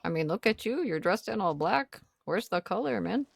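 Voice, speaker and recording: A woman's voice: mid-range voice, animated, moderate pace, gravelly, slight background noise. A woman chatting in character during a roleplay game, playful and teasing. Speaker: roleplay player. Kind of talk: in-character casual chat.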